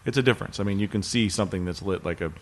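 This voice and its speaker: A man co-hosting a podcast, chatting casually about movies and agreeing quickly. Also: low-pitched. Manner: quick, agreeable, lots of backchannel. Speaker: podcast co-host.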